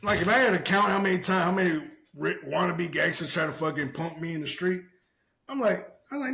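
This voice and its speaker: A young man co-hosting a casual podcast, telling stories with lively, shouted quotes. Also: high voice, fast. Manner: animated storyteller, acts out shouted quotes. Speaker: podcast co-host.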